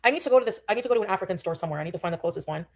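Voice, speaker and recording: Woman streamer, middle pitch, loose rambling chat with viewers. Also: lively intonation, very fast. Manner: rambling, greets chat often. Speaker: livestreamer. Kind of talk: casual live stream chat.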